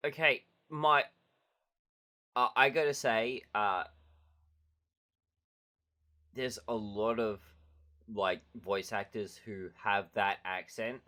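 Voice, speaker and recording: A man's voice: fairly low pitch, slow pace, sharp tone. A man co-hosting a podcast in casual chat, easygoing and a little hesitant, with lots of fillers. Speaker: podcast co-host.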